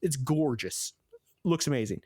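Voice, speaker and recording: A man's voice: mid-range voice, expressive, unhurried, a little mellow, dry recording. Man recapping a film, sarcastic asides. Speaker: podcast co-host. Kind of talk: casual movie review chat.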